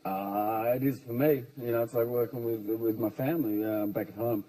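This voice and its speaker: An actor from Australia with an Australian accent, chatting easily as a talk show guest and laughing at himself. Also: male voice, medium pitch, steady tone, normal speed, dark tone, poor audio. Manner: easygoing, laughing, self-deprecating. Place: TV studio with live audience.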